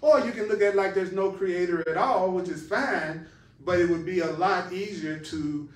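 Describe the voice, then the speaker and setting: An American man with a high-sitting voice teaches a spiritual class at normal speed, speaking emphatically and repeating phrases for stress. The room echoes and he sounds far from the microphone.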